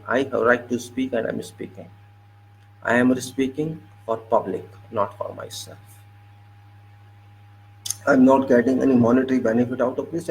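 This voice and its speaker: A man's voice: mid-range voice, gravelly, darkish tone, slight background noise, rough recording. A man giving an impassioned political monologue, indignant and lecturing, repeating his points over and over. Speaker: political commentator.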